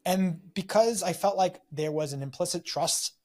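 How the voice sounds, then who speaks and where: Animated man telling a long story. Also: sits high, normal speed. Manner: energetic, rambling, acts out quoted voices. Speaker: podcast guest, real estate investor and tech salesman. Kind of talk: casual storytelling interview.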